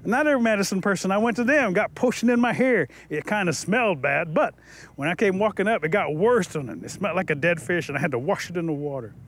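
A man's voice: high voice, lively intonation, quick pace. Man voicing a shy lovesick youth, earnest, pleading, folktale telling. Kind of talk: oral storytelling.

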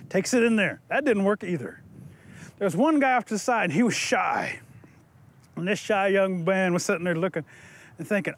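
Man telling an old folk tale out loud, higher voice, playful asides. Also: a little fast, slight background noise. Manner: lively, playful, full of asides. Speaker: storyteller. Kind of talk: traditional oral storytelling.

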